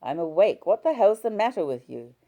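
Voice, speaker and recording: A woman's voice: mid-range voice, sing-song, fairly quick, mellow, voice pushed up. A woman voicing an irritable, short-tempered young husband in an audiobook reading.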